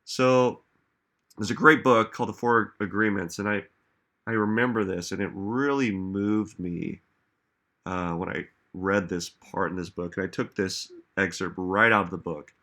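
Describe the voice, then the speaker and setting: Male motivational speaker, slightly low voice, relaxed talk that turns emphatic with questions to the audience. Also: a little slow. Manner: conversational, frequent "like" and "right?". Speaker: self-help speaker.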